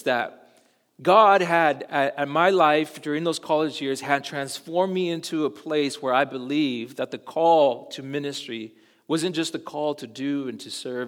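Young male pastor, mid-range voice, casual animated sermon delivery, long hall reverb. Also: mid-range voice. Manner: animated, casual storytelling, acts out dialogue. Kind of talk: sermon storytelling.

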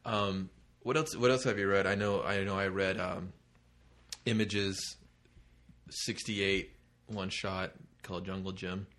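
Comics podcast co-host, low bright voice, jokey and rambling. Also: male voice, fairly even intonation, unhurried. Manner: jokey, rambling, crude humor. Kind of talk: casual chat.

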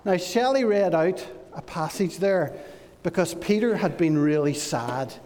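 A man leading a church service as pastor, telling a playful, animated story to children. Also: high-pitched, a little slow, big-room sound.

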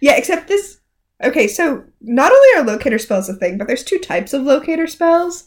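Lively, expressive woman podcast co-host. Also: high-pitched, fairly quick. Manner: animated, exclamatory, swears freely. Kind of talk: casual TV recap chat.

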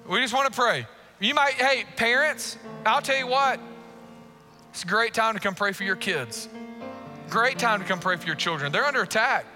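Bright-voiced, impassioned male preacher. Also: high-pitched, lively intonation, moderate pace, faint music behind. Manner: impassioned, emphatic preaching with repeated phrases; acts out quoted prayers and listeners' thoughts. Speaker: pastor. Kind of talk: sermon.

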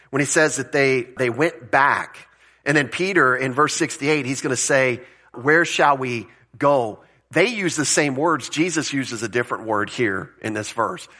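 A man's voice: mid-range voice, pushed and bright. A male pastor giving a conversational sermon, explaining word meanings and asking rhetorical questions, with the odd chuckle.

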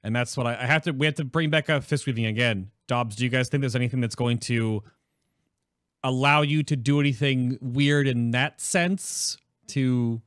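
A man's voice: medium pitch, normal speed, no room sound, studio quality. A man hosting a casual chat, asking long questions while thinking aloud.

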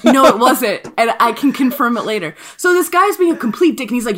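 A young adult woman telling a story in casual chat, animated and profane, full of filler likes. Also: fairly high pitch, brisk, few pauses.

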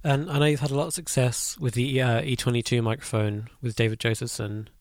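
A man's voice: medium pitch, fairly even intonation, fairly quick, dry recording, studio quality. A man interviewing a guest, asking questions casually and hedging with "kind of".

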